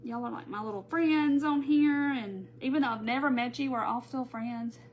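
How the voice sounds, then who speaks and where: Lady doing a live craft stream, chatty, says hi to viewers by name, slightly high voice. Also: normal speed, dull audio, slight background noise. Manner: chatty, greets viewers by name while working. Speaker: craft tutorial host.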